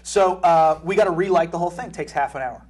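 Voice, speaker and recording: A man's voice: on the high side, quick pace, husky. A young man, an actor, telling a blunt, swear-heavy anecdote in casual chat. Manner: blunt, swears freely, animated storytelling. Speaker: actor guest.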